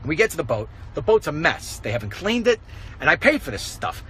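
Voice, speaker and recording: A man rants as he walks down a city street, his voice swooping up and down and sitting fairly high. He acts out the people he quotes. Traffic and street noise run clearly behind him. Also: big pitch swings, brisk, bright, forceful tone. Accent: New York. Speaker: political commentator and show host. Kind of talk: walk-and-talk vlog monologue.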